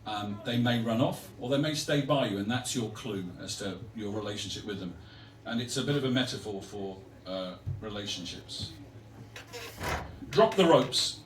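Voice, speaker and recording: At a live reading, a poet with a lowish voice delivers his own work animatedly at a moderate pace. The sound is roomy and distant with slight background noise, and he trades self-deprecating, playful banter with listeners between pieces.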